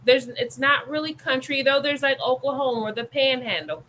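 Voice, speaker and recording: Middle-aged woman co-host, bright voice, animated storytelling, acts out quotes, faint noise behind. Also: high-pitched, normal speed, poor audio. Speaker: podcast co-host. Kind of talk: casual discussion.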